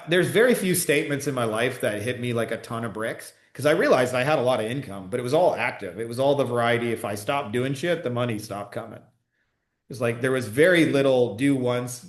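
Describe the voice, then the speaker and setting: A man talks loosely on a livestream, full of swearing and "like" fillers as he answers comments. His voice sits at an ordinary pitch. The room around him is roomy and echoey. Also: a little fast. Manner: casual, profane, full of "like" fillers. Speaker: online business coach. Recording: roomy echo.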